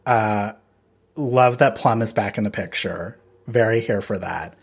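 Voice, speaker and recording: A man guest on a podcast, reacting to a story with wry, expressive commentary. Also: fairly low pitch, a little slow, vocal fry. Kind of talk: casual chat.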